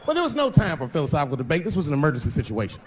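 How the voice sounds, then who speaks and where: A man's voice: on the high side, huge pitch swings, racing, noisy background. A middle-aged man doing stand-up storytelling on stage, profane and conversational, slipping into the voices of people in his stories. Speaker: stand-up comedian. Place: comedy stage before a live audience.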